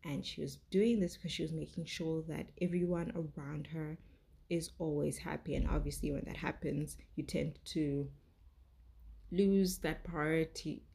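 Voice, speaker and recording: A young woman reviewing a TV show in casual chat, chatty and effusive, with many "like"s and a gravelly voice. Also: low voice, steady tone, moderate pace, dark tone.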